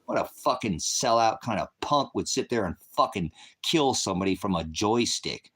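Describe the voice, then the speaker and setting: A man's voice: fairly low pitch, lively intonation, normal speed, a bit bright, slightly rough. A man hosting a livestream, delivering an angry, profane rant with sudden outbursts. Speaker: livestream host. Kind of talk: ranting livestream monologue.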